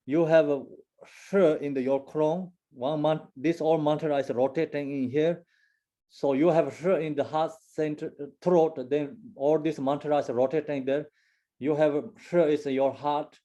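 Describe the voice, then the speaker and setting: Male buddhist teacher, slow halting non-native english, mellow warm tone, dharma talk. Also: fairly high pitch, dull audio. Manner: halting, many fillers and restarts; chants mantra syllables slowly.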